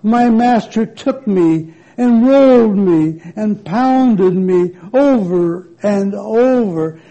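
A man voicing a slow, gravelly talking teacup. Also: sits high, warm tone, muffled recording. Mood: recounting. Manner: slow, pleading storytelling in first person. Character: proud talking teacup, once red clay.

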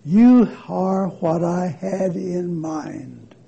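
A patient old master potter speaks softly and calmly, reassuring his creation, as a narrator puts him on. The voice is quiet, slow and gravelly, with a mellow, dark warmth. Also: high-pitched, highs cut off, exaggerated voice. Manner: soft, calm, reassuring.

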